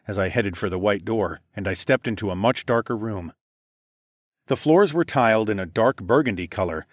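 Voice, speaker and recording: A man narrating a first-person audiobook in an even, storytelling manner. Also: lowish voice, no echo. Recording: dry close studio recording.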